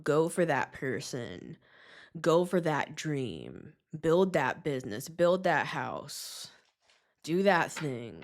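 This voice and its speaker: A woman hosts a casual tarot reading to camera and lets her sentences stretch out slowly. Her voice sits on the low side, and she sounds chatty, excitable and slangy, laughing often. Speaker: tarot reader and show host.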